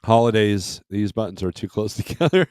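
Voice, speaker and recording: A man's voice: lowish voice, lively intonation, moderate pace, darkish tone, clear, resonant tone, no room sound, clean studio sound. A man hosting a casual trucking livestream, rambling as he reads load listings aloud and comments on them. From Michigan.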